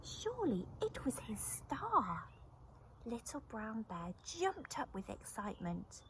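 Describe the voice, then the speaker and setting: A woman reading a children's story aloud, expressive and animated, often dropping to a whisper. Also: fairly high pitch, slow pace, slight background noise, low-quality recording.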